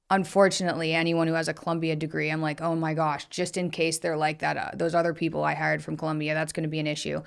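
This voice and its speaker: A woman hosting a casual conversation, frank and animated, with many filler likes. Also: deep voice, quick pace, creaky, hardly any pauses.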